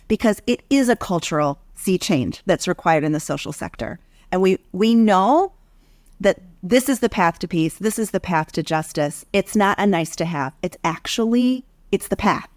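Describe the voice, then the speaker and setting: A woman who leads a foundation program, speaking in an earnest, measured, reflective way in a podcast conversation. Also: mid-range voice, expressive, no room sound, clean studio sound.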